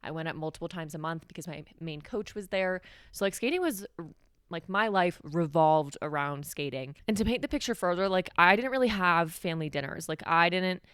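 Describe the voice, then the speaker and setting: Young woman podcast host, lowish smooth voice, candid and chatty, dry close sound. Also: animated, brisk, fairly bright tone, no room sound. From New Mexico, USA. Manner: candid, conversational, heavy use of "like". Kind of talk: solo podcast storytelling.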